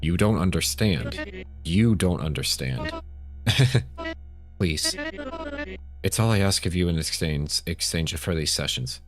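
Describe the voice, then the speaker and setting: A man's voice: low-pitched, expressive, slow, long pauses, faint music behind, heavily acted. A man voicing a female witch teacher who pleads and then lays down terms, reading game dialogue aloud on stream. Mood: pleading.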